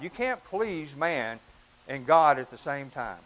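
A man preaching a sermon in an earnest, emphatic way, often rising and dropping in pitch and volume. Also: big pitch swings, measured pace, fairly bright tone, rough recording.

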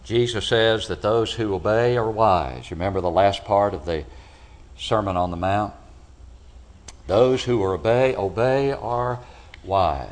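A low-voiced man preaching a sermon in a church. He keeps asking the congregation rhetorical questions. His delivery swings between loud, emphatic peaks and hushed, deep drops. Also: measured pace. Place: church building.

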